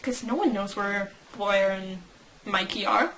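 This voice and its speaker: A woman's voice: medium pitch, measured pace, fairly bright tone, rough recording. A young woman hosting a fan channel, reading and reacting in a casual, rambling way, giggling and stopping to correct herself.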